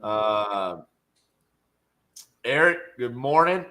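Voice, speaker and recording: A middle-aged real estate investor co-hosts a casual livestream, reading viewer comments, greeting viewers, joking, and telling stories in a folksy way. His medium-pitched voice is animated, bright, and forceful, and he speaks extremely slowly.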